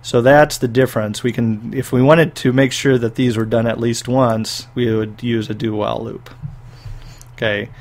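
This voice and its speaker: A man's voice: mid-range voice, fairly even intonation, normal speed, darkish tone. Man explaining code in a lecture. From United States. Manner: explanatory, frequent "okay" checks. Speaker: university lecturer. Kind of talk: recorded programming lecture.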